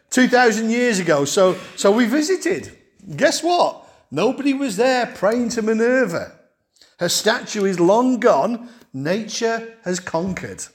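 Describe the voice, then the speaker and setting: A man preaching a sermon, emphatic and full of rhetorical questions and repeated phrases. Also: very high-pitched.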